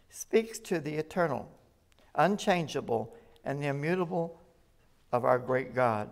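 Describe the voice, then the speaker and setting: Guy preaching in a mission chapel, kinda high voice, chatty then reads scripture out strong. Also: vocal fry. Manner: conversational preaching, reads scripture aloud with rising emphasis. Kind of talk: sermon.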